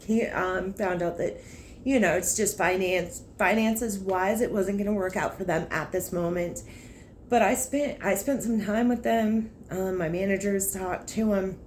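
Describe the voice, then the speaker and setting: With a mid-range voice and an unhurried delivery, a woman describes her life as a car salesperson in a casual personal vlog. She's open and emotional, laughing and making frank asides along the way. A little hiss or hum can be heard.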